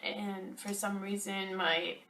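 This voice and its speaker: A woman's voice: mid-range voice, level tone, slow, bright, forceful tone. A young woman chatting to camera, ranting about her job with lots of fillers, recorded a little far from the mic. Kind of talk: casual chat to camera.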